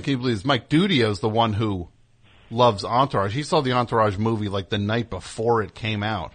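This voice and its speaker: A man's voice: fairly low pitch, a little fast, a bit bright. A man hosting a talk show, rambling and riffing with sarcastic humor in casual banter. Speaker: radio show host.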